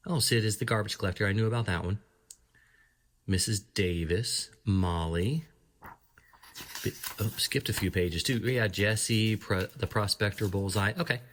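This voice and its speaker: Lower-voiced man chatting through a book. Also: a bit bright. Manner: chatty, reads entries aloud, small laughs. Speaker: book reviewer, channel host. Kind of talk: casual book review, flipping pages. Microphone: camera framing his hands and a book.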